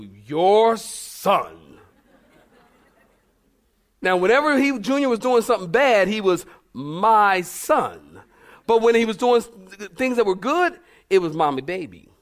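Middle-aged preacher man, jokey and animated, asks the church for amens, kinda high voice. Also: moderate pace. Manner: animated, humorous, call-and-response with the congregation. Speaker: pastor. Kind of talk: sermon.

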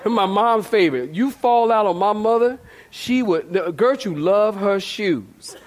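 Brief: man with a fairly high voice, pastor mid-sermon, animated storyteller, playful church delivery. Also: measured pace. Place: church sanctuary.

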